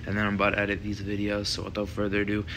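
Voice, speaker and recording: A man's voice: on the low side, monotone, rapid-fire, noisy background. A tired young man, vlogging casually on a handheld camera at the airport and leaning on "you know what I'm saying" over and over. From Canada. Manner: laid-back slangy talk with constant "you know what I'm saying". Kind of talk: casual travel vlog narration. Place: airport and travel spaces.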